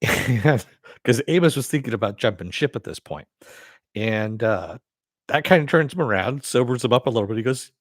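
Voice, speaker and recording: A man's voice: medium pitch, moderate pace, dry recording, clean studio sound. A man hosting a casual live-stream TV review, rambling with many fillers and frequent chuckles. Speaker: show host.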